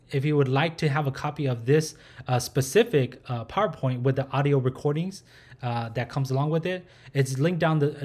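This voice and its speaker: A man's voice: mid-range voice, darkish tone. A man giving an online language lesson, patiently modeling each sound over and over with many fillers. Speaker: language teacher.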